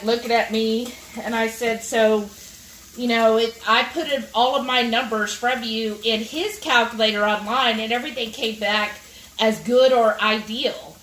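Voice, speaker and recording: Woman, cooking vlog host, animated storyteller, slightly high voice, roomy kitchen sound, off-mic. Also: slight background noise. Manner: animated, addresses viewers directly. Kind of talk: chatty storytelling while cooking. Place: home kitchen. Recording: roomy kitchen, mic at a distance, faint sizzling.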